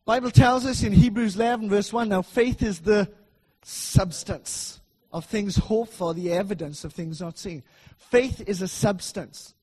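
A middle-aged man preaching a sermon in a church, emphatic and repetitive, swinging between loud declarations and soft asides. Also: high-pitched, measured pace, hardly any pauses, breathy edge.

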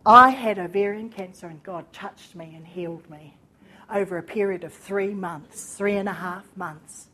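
A woman's voice: fairly low pitch, fairly even intonation, a little slow, a little hiss or hum. An older woman giving a personal testimony at a church meeting, telling stories and acting out conversations, fervent when she praises God. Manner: storytelling, acting out both sides of conversations. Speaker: speaker at a women's church meeting.

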